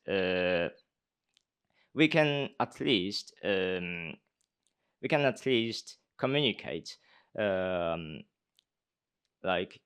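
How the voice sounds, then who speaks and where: A young man answers questions slowly and with care, his voice low-pitched but smooth and clear. He fills gaps with uh and um and restarts his sentences as he searches for words. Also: a bit bright. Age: young adult. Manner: hesitant, many uh and um fillers, restarts. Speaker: speech contestant answering judges. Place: conference hall.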